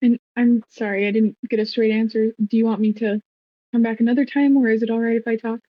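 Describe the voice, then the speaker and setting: A woman's voice: fairly high pitch, flat delivery, quick pace, no echo, lightly acted. A woman voicing a polite, earnest young woman adventurer who speaks hesitantly. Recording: dull lo-fi dry mic.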